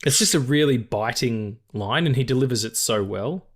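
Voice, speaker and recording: A man's voice: medium pitch, animated, normal speed. A man co-hosting a casual film podcast, joking, swearing freely and laughing often. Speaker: podcast co-host.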